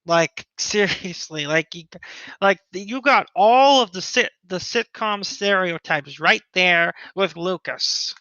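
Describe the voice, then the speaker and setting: A man talks slowly and at length in a casual podcast chat, rambling and restarting as he goes. His voice is bright and smooth, and the recording sounds dry and a bit dull. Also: sits high, dry recording. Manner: rambling, restarts, offhand opinions. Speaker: podcast co-host.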